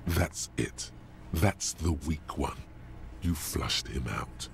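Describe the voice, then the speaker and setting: An actor voicing a dry, knowing male narrator in a game, slow and measured, with a deep gravelly voice. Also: slight background noise, exaggerated voice. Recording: game audio with music behind. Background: music.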